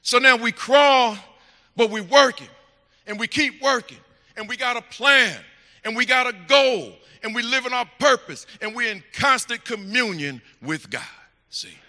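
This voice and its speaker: A middle-aged man telling a story from the pulpit in a church, emphatic and animated, swinging to hushed asides. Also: very high-pitched, normal speed. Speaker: church speaker. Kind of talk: storytelling sermon. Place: church sanctuary. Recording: echoey hall.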